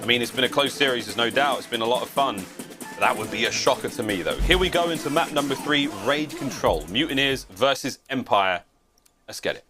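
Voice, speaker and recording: Brief: male caster, animated and playful, swooping delivery, music bed under him. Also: medium pitch, fairly quick. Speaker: esports caster. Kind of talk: live match commentary and ad reads.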